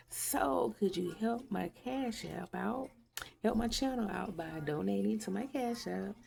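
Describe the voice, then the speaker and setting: A woman's voice: mid-range voice, gravelly, dark tone. A woman vlogging to her channel, blunt and profane. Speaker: YouTube vlogger. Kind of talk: casual commentary vlog.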